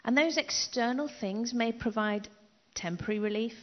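A middle-aged woman preaching a sermon in an emphatic way, repeating key phrases and dropping into soft asides. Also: a little high, normal speed. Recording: dull echoey hall recording.

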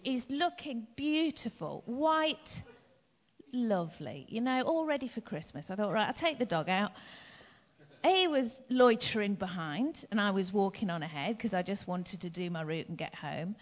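Woman pastor, lively storytelling sermon, dull recording with a long hall echo. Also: a little high. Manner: lively, chatty storytelling with laughs. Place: church hall.

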